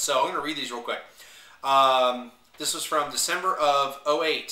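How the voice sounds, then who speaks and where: A man with a bright, forceful, slightly high voice talks through a wine review, filling gaps with ums and uhs. He sounds set back from the mic in an echoey room. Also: far from the mic. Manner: rambling, many fillers, unsure of pronunciations. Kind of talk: casual video review.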